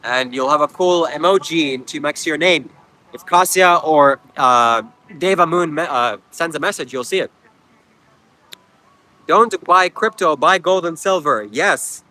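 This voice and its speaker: Bright-voiced man reading his livestream chat. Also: fairly high pitch, normal speed, poor audio. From Canada. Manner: deadpan, joking replies to chat. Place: outdoors at a beach.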